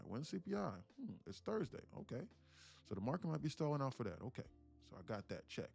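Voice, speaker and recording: A man hosts a day-trading livestream in a loose, casual voice, chatting back to viewers and cursing now and then. His pitch sits in a plain middle range, and he speaks from about a foot off the mic. Faint music plays in the background. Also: very animated, fast, creaky, darkish tone, husky. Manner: loose and chatty, swears casually, reads out chat replies.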